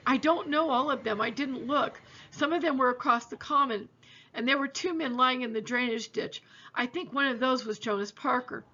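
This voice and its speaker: A woman's voice: high-pitched, sharp tone, lo-fi sound, exaggerated voice. A woman voicing a frightened, grieving young boy who talks in a shaky, tearful, pleading way.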